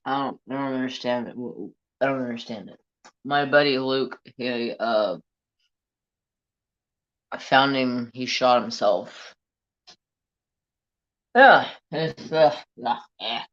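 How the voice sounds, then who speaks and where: Slow, halting man with a dull recording. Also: medium pitch, a bit bright. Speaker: crafting vlogger. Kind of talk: casual storytelling while crafting.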